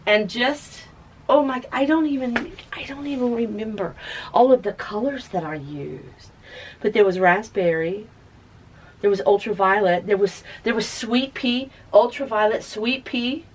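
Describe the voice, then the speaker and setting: A woman hosting a casual crafting tutorial, chatty and excitable as she shows off her results. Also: fairly high pitch, a little slow, slightly rough. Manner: chatty, excitable, talks to herself while showing results. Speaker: craft video host.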